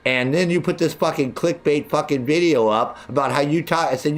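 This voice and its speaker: A man's voice: fairly high pitch, brisk, few pauses. Angry profane man in his sixties. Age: 60s. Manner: mimics others in mocking voices. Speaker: game streamer. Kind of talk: profane live-stream rant.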